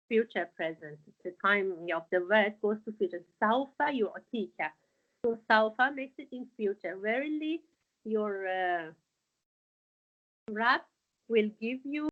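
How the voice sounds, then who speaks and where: A woman's voice: a little high, phone-quality sound. A woman teaching a Quran lesson, explaining verses word by word with frequent fillers and restarts. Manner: hesitant, many fillers and restarts.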